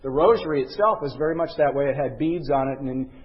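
A man's voice: medium pitch, fast talker, big-room sound, lo-fi sound. A man teaching a Bible lesson, earnest and conversational, reading scripture with emphasis.

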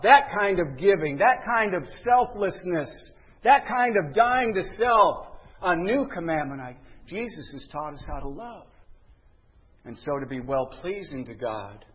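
A man's voice: a little high, husky, muffled recording. A man preaching a sermon in an earnest way, drawing out the words he wants to stress. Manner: earnest preaching, drawn-out emphasis on key words. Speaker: pastor.

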